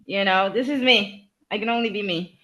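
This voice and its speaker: A woman's voice: medium pitch, normal speed, fairly bright tone. Woman guest from Cape Verde, easygoing and playful, laughs a lot, mid-range voice. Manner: laughs often, playful, slangy. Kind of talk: casual chat.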